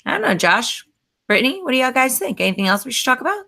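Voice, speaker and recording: A woman's voice: sits high, big pitch swings, gravelly, bright, forceful tone. A woman hosting a podcast, chatty and upbeat, teasing her guests. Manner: chatty and upbeat, quick to tease. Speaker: podcast host. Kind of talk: casual chat.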